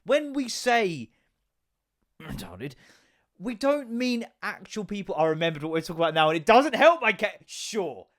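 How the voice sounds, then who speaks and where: A young man hosting his own podcast, rambling and joking with lots of swearing and sudden loud bursts. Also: high voice, very animated, normal speed. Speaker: podcast host. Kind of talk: casual solo podcast rant.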